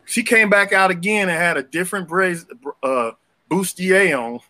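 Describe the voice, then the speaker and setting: A young man, telling a slangy, animated story on a casual podcast and leaping up in pitch for punchlines. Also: moderate pace. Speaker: podcast co-host.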